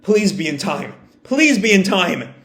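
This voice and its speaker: A man's voice: animated, moderate pace. Man doing a frantic young warrior pleading. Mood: anxious. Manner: pleading, high and urgent.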